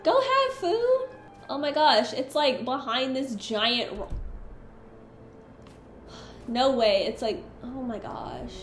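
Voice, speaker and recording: A woman's voice: high voice, sing-song, takes it slowly, long pauses, roomy sound, faint music behind. A woman giving chatty, easily exasperated let's-play commentary while she plays. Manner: chatty, easily exasperated, talks to her companion. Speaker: gaming streamer.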